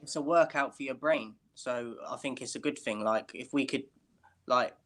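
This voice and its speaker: A man's voice: mid-range voice, normal speed, fairly bright tone. A British man co-hosting a casual chat over a video call, rambling and asking "do you know what I mean". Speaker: podcast co-host.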